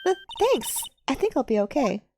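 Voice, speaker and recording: A woman's voice: sits high, sing-song, normal speed, background noise, voice pushed up. A woman voicing a shy, cheerful teenage girl sidekick, timid and bubbly.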